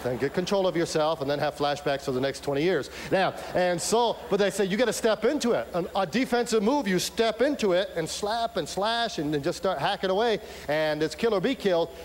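Animated preacher in an echoey hall. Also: male voice, high-pitched, a little fast, hardly any pauses. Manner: animated storytelling with acted-out voices and shouts. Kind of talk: sermon. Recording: echoey hall with faint hum.

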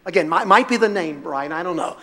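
High bright preacher guy, fired up and emphatic, big echoey church hall. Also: animated, a little fast. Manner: fervent, emphatic preaching with rising bursts. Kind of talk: sermon. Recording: reverberant hall sound.

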